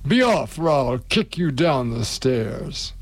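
A man reading the part of a stubborn, gruff old father, drawing his words out slowly. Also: mid-range voice, big pitch swings, no echo. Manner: slow and drawn out.

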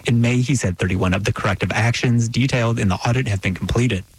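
A man delivering a scripted radio news report in a measured, even way. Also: medium pitch, husky, low-quality recording.

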